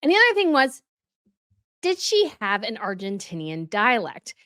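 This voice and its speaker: American woman rambling through royal news commentary, kinda high voice, super dry close sound. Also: wildly swooping pitch, normal speed, a bit bright, no room sound. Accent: neutral American. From United States. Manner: chatty, rambling, many asides. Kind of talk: casual commentary vlog.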